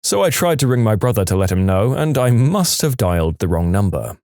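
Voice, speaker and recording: A man narrating submitted stories in a relaxed, conversational storytelling manner. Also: lowish voice, brisk, no room sound, studio quality.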